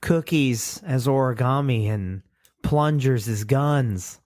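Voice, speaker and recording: A man co-hosting a casual podcast, chatting in a relaxed way and reading out the show's plugs. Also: mid-range voice, slow pace, no room sound, clean studio sound. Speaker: podcast co-host. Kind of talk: casual chat.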